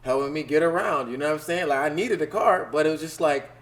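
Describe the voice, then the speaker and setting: A man's voice: a little high, fast talker, a bit bright. A man chatting casually on a podcast, loose and full of fillers. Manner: loose, filler-heavy, keeps saying "you know what I'm saying". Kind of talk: casual chat.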